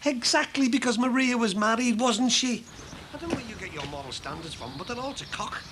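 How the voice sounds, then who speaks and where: An actor playing a blunt, sarcastic middle-aged shopkeeper, in a soap opera. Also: male voice, extremely high pitch, expressive, brisk, noisy background. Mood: heated.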